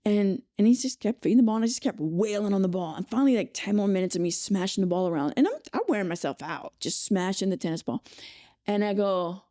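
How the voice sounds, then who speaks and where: A woman hosting a conversational podcast, telling an anecdote in a chatty, enthusiastic way with quick asides. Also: mid-range voice, warm tone, dry recording, studio quality. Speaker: podcast host. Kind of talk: casual conversational storytelling.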